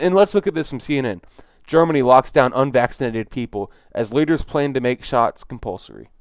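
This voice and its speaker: Exasperated man with a smooth voice. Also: mid-range voice, no echo, studio quality. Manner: exasperated, repetitive, emphatic. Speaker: video commentator. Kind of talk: casual commentary on news clips.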